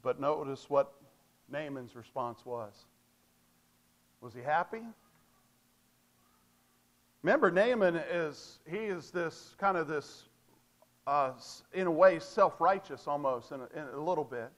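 A man's voice: a little high, a little slow, long pauses. A man preaching a sermon, emphatic and repetitive, asking rhetorical questions and stressing key phrases.

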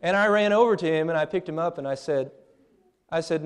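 A man's voice: on the high side, brisk, clear, resonant tone. A man in his thirties preaching a sermon in an earnest, plain-spoken way, often restarting his phrases.

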